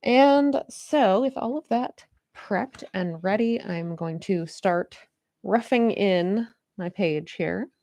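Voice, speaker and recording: A woman's voice: medium pitch, slow pace, warm tone, dry recording. A woman artist chatting casually to viewers on a live stream while she draws, greeting them by name. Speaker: comic artist streaming a drawing session.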